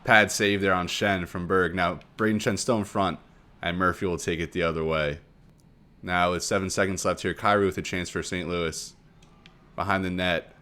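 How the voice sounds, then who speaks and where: A man giving play-by-play commentary on a hockey video game, calling each play quickly and rising sharply on goals. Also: sits low. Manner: rapid play-by-play, excited surges on goals. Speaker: gaming commentator.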